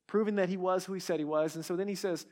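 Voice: mid-range voice, fairly even intonation, fast talker, a little mellow. A pastor preaching a sermon in a conversational way, with restarts and asides, who repeats key words for emphasis.

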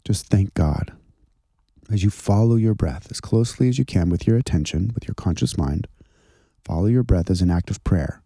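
A man leading a slow, gentle guided contemplative prayer and breathing exercise. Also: sits low, expressive, no room sound, clean studio sound. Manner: slow, gentle, soothing guidance.

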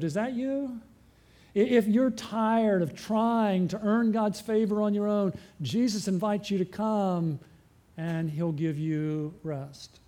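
High-voiced mellow pastor preaching. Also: male voice. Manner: asks the congregation frequent rhetorical questions; varies pace and loudness, slowing and dropping for emphasis. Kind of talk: sermon.

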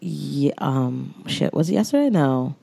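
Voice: mid-range voice, big pitch swings, measured pace, vocal fry, warm tone, slightly rough, no room sound. A podcast co-host, telling stories in casual, slangy chat and laughing often. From New York. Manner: laid-back storytelling, slangy, laughs often.

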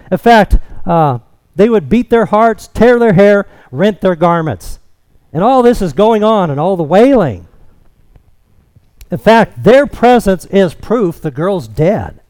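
A man preaching a sermon, expounding scripture in an emphatic, deliberate way. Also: high voice, a little mellow, dry recording. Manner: slow, emphatic expository preaching.

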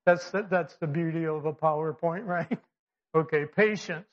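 Here a man whose pitch is a little high gives a chatty sermon at a moderate pace, often restarting and using fillers while lively acting out quotes. The audio is dull and lo-fi, from what seems like a church or classroom with slides.

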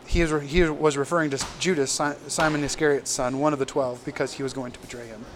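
A man's voice: mid-range voice, steady tone, fast talker. A man preaching a casual sermon, retelling scripture in everyday, conversational language.

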